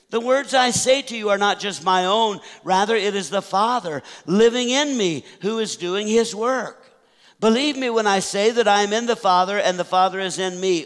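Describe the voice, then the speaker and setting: A man preaching a Sunday sermon as pastor, reading scripture aloud and slowing down on the key phrases. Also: high voice, a bit bright, clean tone. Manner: reads scripture aloud, slows for emphasis. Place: church sanctuary. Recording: church hall reverb.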